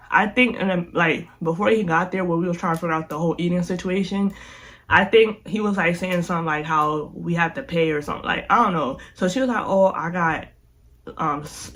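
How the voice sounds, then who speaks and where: A young woman vlogger casually telling a storytime, animated and slangy, often repeating herself. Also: lowish voice.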